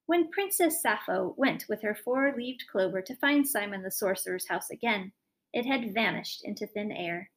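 A woman reading a fairy tale aloud in an expressive, lively storytelling manner. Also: mid-range voice, normal speed.

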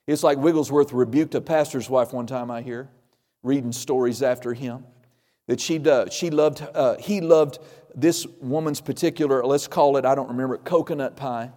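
A man's voice: medium pitch, moderate pace, warm tone, big-room sound. A male pastor preaching a sermon, emphatic and repetitive, with folksy humor.

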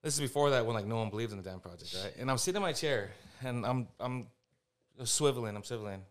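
A man's voice: mid-range voice, quick pace. A man from Texas, a film director, telling stories in a casual chat and acting out the quotes. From San Antonio, Texas. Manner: animated storyteller, acts out quotes.

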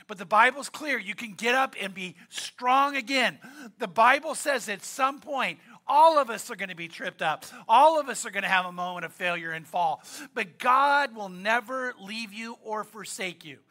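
A man's voice: high voice, animated, normal speed, bright, forceful tone. A male pastor giving a conversational sermon, joking with the congregation and repeating key lines.

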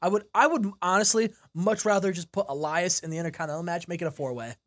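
A young man co-hosting a casual wrestling chat, ranting with quick bursts and laughs. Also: high-pitched. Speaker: podcast co-host.

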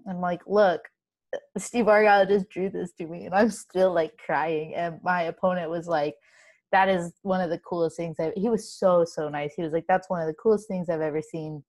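A woman's voice: lowish voice, normal speed, no echo. A young woman co-hosting a casual chat, telling a long story with lots of fillers and restarts. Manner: animated, run-on storytelling with many fillers. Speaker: co-host.

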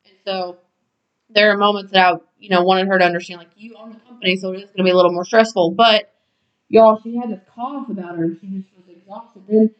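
A woman's voice: mid-range voice, fairly even intonation, fast talker, recorded from a distance. A woman co-hosting a podcast, talking in an earnest, conversational way. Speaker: podcast co-host. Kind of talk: casual chat. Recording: dull, set back from the mic.

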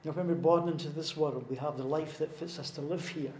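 A man's voice: on the high side, steady tone, fast talker, a little mellow, roomy sound, slight background noise. A man preaching a sermon, earnest and repetitive, building to emphatic proclamations.

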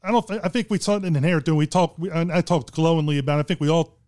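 A man's voice: fairly high pitch, racing, a little mellow, no echo, clean studio sound. A man co-hosting a casual film chat, rambling and hesitant, with many restarts. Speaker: podcast co-host discussing films.

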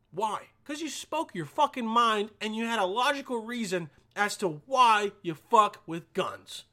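A young man rants in a high, bright voice, swearing freely and tripping over repeated words. He keeps pressing for agreement with "all right?" and "okay?" as he goes. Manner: stumbling repetitions. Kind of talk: casual profane rant.

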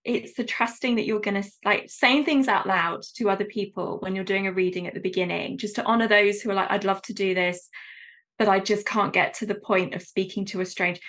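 A woman's voice: medium pitch, steady tone, a little fast, fairly bright tone. A woman with a British accent hosting an interview, telling stories and asking questions conversationally. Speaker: podcast host.

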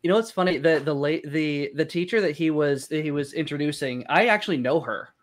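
A man on a podcast speaking earnestly in casual chat, restarting his sentences often. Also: a little high. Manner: earnest, halting, with many restarts.

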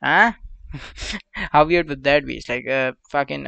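A man's voice: on the high side, a little slow, creaky, long pauses, sharp tone, no room sound. A man hosting a solo podcast, rambling crudely with lots of profanity, fillers and side tangents. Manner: meandering, with frequent fillers and asides. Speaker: podcast host.

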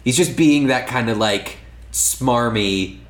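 A man's voice: medium pitch, slow, reverberant. A man co-hosting a casual movie podcast, joking and laughing often. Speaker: podcast co-host. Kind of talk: casual movie review chat.

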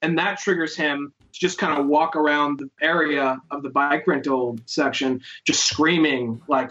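A man's voice: fairly high pitch, fairly even intonation, moderate pace, hardly any pauses, bright, forceful tone, dull audio. A man hosting a podcast, telling rambling, profane stories in casual chat. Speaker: podcast host.

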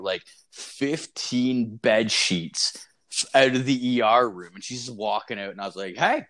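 Profane, animated young man telling stories. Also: mid-range voice. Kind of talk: casual storytelling chat.

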